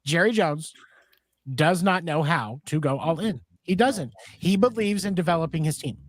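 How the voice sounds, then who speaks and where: A man co-hosting a sports podcast, talking through points in a measured, casual way. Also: on the high side, expressive. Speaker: podcast co-host.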